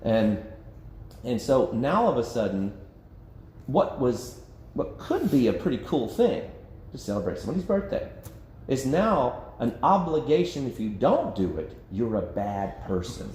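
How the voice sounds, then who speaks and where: A man's voice: mid-range voice, very animated, measured pace, a little mellow. A man leading a church Bible study in a casual, conversational way, acting out quotes and laughing often. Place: church meeting room. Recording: echoey room with faint background noise.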